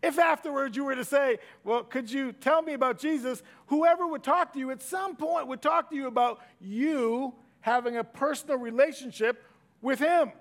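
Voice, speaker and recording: A middle-aged man preaching a sermon, swinging from loud emphatic bursts to hushed asides. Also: very high-pitched, normal speed. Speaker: pastor.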